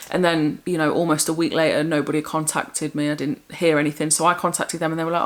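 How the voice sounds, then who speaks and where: A woman's voice: deep voice, flat delivery, brisk, few pauses, a bit bright. A young adult woman from England chatting candidly and in a rambling way as a vlogger. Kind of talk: casual chat.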